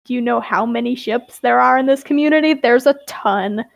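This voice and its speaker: Woman doing a nosy excitable traveler girl, high, teasing, dry sound. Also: fairly quick, vocal fry, no room sound. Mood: eager.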